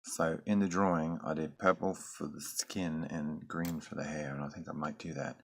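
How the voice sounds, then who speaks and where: A man's voice: rumbling low, fairly even intonation, moderate pace, gravelly. A man chatting casually as he draws, rambling and musing to himself with joking, self-deprecating asides. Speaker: artist drawing on camera. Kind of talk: casual drawing commentary.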